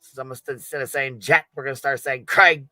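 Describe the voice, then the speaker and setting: A man hosting a commentary livestream, loud and profane, laughing often as he trash-talks. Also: mid-range voice, steady tone, fast, no echo. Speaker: livestream host.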